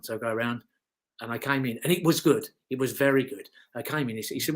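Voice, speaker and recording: British man, fifties, ex-motocross rider, rambling anecdotes, ums and swearing, mid-pitched voice. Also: fast talker, fairly bright tone, breathy edge. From United Kingdom. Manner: rambling storyteller, frequent fillers and swearing. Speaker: guest, former motocross rider. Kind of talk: casual anecdotal interview.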